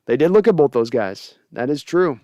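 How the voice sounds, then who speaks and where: A man's voice: mid-range voice, expressive, moderate pace, dark tone, no echo. A man hosting a sports podcast, casually chatting and reading viewer comments aloud. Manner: chatty, laughs often, reads comments aloud. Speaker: podcast host.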